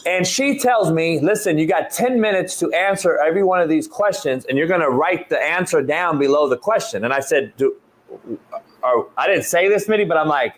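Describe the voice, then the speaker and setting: A middle-aged male sports show host tells a long story in loose, casual talk. His voice sits a little high for a man, and he swears freely while restarting his words as he goes. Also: moderate pace. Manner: animated, profane, repeats and restarts words. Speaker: show host, football coach.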